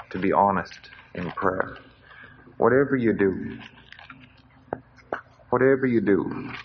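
A man preaching a sermon at a conference, earnest, repeating his key phrases. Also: on the low side. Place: conference hall. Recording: dull lo-fi recording with faint hiss.

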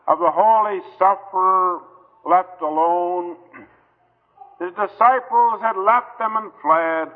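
In a slow, deliberate old-time gospel sermon, a man with a high voice pleads earnestly with his listeners and leaves long pauses between phrases. The audio sounds thin, like a phone, with long reverb from the hall.

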